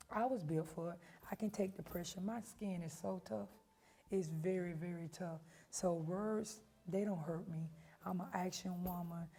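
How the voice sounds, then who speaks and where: A woman in her fifties, a head coach, telling stories in an emphatic, animated way during an interview. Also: fairly low pitch. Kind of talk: storytelling interview.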